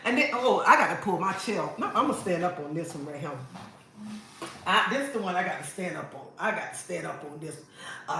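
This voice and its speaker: A woman's voice: mid-range voice, lively intonation, brisk, pushed and bright. A woman hosting a livestream, talking to viewers in a sassy, preachy way and repeating her phrases. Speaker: livestream host. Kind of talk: casual livestream talk to viewers. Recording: very echoey room.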